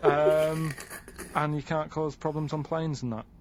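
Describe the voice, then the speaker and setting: A man telling a news item in a rambling, deadpan way during casual radio banter. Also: a little high, a little slow, very noisy. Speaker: radio show regular telling a news segment.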